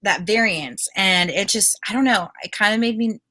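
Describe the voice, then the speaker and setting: A woman's voice: mid-range voice, moderate pace, sharp tone, dry recording. A woman co-hosting a casual book chat, giving blunt, exasperated opinions with some hesitation. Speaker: co-host.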